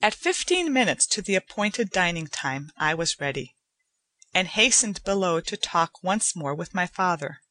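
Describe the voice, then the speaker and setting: A woman narrating a short story as an audiobook reader, in an even, unhurried way. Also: fairly low pitch, dry recording.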